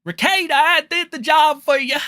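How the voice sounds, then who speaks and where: A man putting on an impression of a boastful, swaggering male streamer, with showy, drawn-out delivery. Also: very high voice, sharp tone, pitched above the performer's own voice. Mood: smug.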